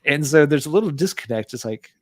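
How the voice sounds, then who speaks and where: A man co-hosts a casual podcast chat, his pitch jumping around in a lively way. He rambles, stammers and tosses in swears and jokes. The voice sits close and dry on the mic. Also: fast talker, no room sound. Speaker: podcast co-host.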